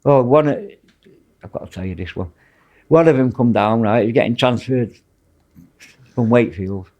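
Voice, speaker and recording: A man's voice: mid-range voice, normal speed, warm tone. A man with a Manchester accent, a former prison officer telling blunt, rambling anecdotes as a podcast guest. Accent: Mancunian. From Manchester, England. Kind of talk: casual storytelling interview.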